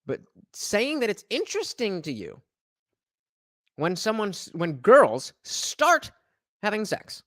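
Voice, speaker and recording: A man's voice: high-pitched, huge pitch swings, takes it slowly, a bit bright, no room sound, studio quality. A man hosting a podcast, giving casual, incredulous reaction commentary with frequent fillers. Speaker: podcast host reacting to clips.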